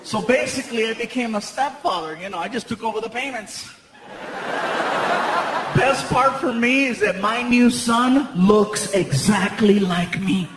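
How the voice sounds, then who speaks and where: A man performing stand-up comedy on a large theater stage, telling animated, playful stories. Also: very high-pitched, a little slow. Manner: animated, playful storytelling, many character voices. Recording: echoey hall, loud crowd and noise.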